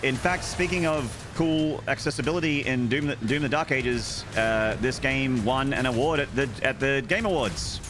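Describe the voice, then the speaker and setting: A man's voice: medium pitch, normal speed, hardly any pauses, over music. An Australian man streaming a game, chatting casually with viewers in a rambling, self-mocking way. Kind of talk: casual chat while gaming.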